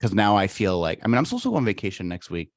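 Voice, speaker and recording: Man, podcast co-host, expressive pitch, dry close sound. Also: very fast, no echo. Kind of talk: casual chat.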